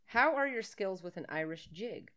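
A woman's voice: mid-range voice, animated, normal speed, a bit bright. A woman co-hosting a casual podcast, reading a quiz aloud in a playful way, swearing freely and laughing often. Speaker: podcast co-host.

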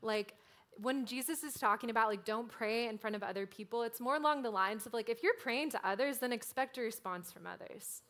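A woman preaching a sermon in a casual, conversational way, often filling pauses with "like". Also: a little high, fairly bright tone. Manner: conversational, frequent "like" fillers.

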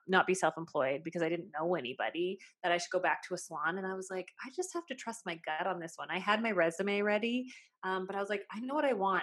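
A woman's voice: on the low side, fairly bright tone. A woman in her late thirties, a hairstylist and salon owner, telling stories in a chatty, casual way full of "like"s. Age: 30s. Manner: chatty storytelling, many "like"s. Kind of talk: casual podcast chat.

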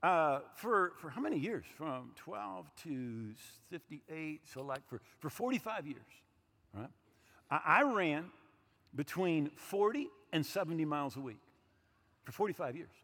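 Guy in his 60s preaching a sermon, high voice bouncing all over, big echoey church hall. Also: very animated, unhurried, sharp tone. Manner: emphatic preaching with light humorous asides. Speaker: pastor.

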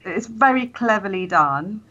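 A woman's voice: medium pitch, lively intonation, measured pace, bright, forceful tone. A woman, a guest TV critic, talking enthusiastically and rambling a little. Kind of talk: casual chat. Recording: dull lo-fi sound.

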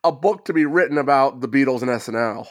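An American man co-hosting a podcast, speaking in a thoughtful, measured way. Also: mid-range voice. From United States. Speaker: podcast co-host. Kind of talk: casual conversation.

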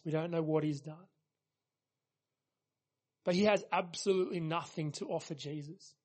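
A man with a high, light voice delivers a sermon with earnest conviction. He presses each point through repetition and builds emphasis line by line. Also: darkish tone. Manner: earnest, emphatic preaching with repeated phrases. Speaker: pastor.

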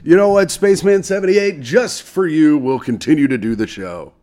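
A man's voice: a little high, warm tone. A young man co-hosting a podcast, joking loosely and swearing in casual banter. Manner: jokey, loose, swearing, quick laughs. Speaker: podcast co-host.

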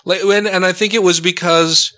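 A man's voice: sits high, moderate pace. A man co-hosting a podcast, telling stories in casual, profane chat and acting out the people he quotes. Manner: profane, animated storytelling with acted quotes. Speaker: podcast co-host.

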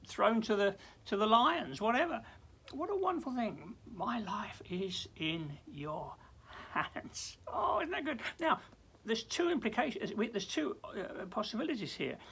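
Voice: medium pitch, gravelly, fairly bright tone, breathy edge. A minister giving a short devotional talk, speaking earnestly with many stammered restarts and acting out prayers with rising intensity. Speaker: church minister.

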